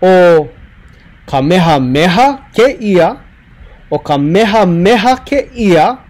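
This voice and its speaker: A man teaching a recorded slideshow lesson, repeating phrases slowly for the learners to echo. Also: high voice, sing-song, darkish tone. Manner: slow, drills phrases with rising repetition. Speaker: Hawaiian language teacher.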